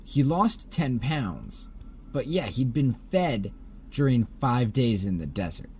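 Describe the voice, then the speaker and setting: A man's voice: mid-range voice, big pitch swings, slow pace, darkish tone, slight background noise. A man hosting a podcast, recounting a case in casual chat with frequent fillers. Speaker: podcast host.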